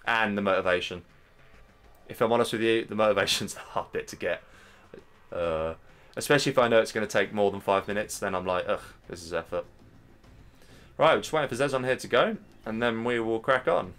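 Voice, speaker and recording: A man in his thirties from England, hosting a live game stream and commentating matches in a chatty way, talking straight to his viewers and getting excited at big plays. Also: on the low side, brisk. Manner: chatty, addresses the chat directly, gets excited at plays. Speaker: stream host and caster.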